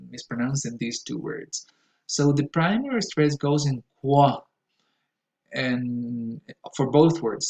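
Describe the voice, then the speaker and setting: A man teaching pronunciation in a lecture style, explaining patiently and repeating each word for emphasis. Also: medium pitch. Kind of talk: classroom lecture. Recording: echoey room.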